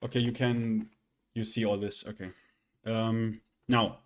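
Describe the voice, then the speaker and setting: A man's voice: fairly low pitch, level tone, a little slow. Profane, exasperated male streamer ranting. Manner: profane, exasperated, rambling with restarts. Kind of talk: casual live-stream rant.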